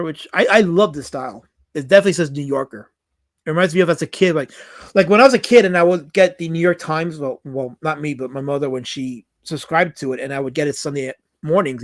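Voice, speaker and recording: A middle-aged man chatting casually on a live stream about comic art, answering chat with wry asides. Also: on the high side.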